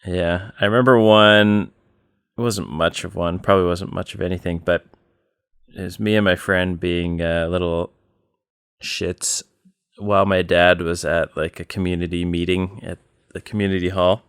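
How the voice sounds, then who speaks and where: A man with a very low, resonant voice co-hosts a casual podcast chat. He tells stories plainly and without hurry, filling the pauses with ums and likes. The sound is close and dry, with no room in it. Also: fairly even intonation, smooth, no echo. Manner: plain, unhurried storytelling with many fillers. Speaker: podcast co-host.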